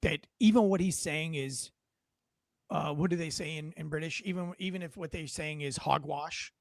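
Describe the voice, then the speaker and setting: A man's voice: fairly high pitch, moderate pace, vocal fry, dry recording. A man hosting a casual talk show, joking and rambling before turning to a serious topic. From United States. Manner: joking, rambling, self-deprecating. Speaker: podcast host. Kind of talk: casual chat.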